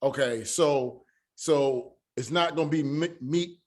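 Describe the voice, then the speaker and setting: Male online teacher: halting delivery, many fillers, slow syllable drills. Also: on the high side. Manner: spells out sounds slowly. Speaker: Hebrew teacher.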